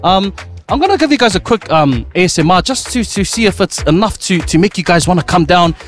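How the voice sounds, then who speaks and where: A man's voice: high voice, lively intonation, brisk, faint music behind. Upbeat New man hosting radio. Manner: upbeat, joking, talks with his mouth full. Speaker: radio host. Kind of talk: live radio cross from an outdoor event.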